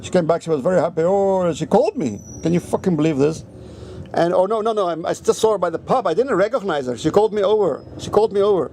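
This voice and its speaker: Male vlogger, raised pitch with a gravelly edge, rambling profane storyteller. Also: animated, quick pace, mellow, slight background noise. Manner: rambling, profane, heavy swearing. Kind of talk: casual storytelling rant.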